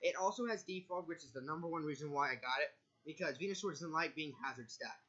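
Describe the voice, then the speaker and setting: High, bright-voiced nervous man. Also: fast, breathy edge, muffled recording. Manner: stumbling, self-correcting delivery. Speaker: video creator. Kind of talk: casual draft analysis monologue.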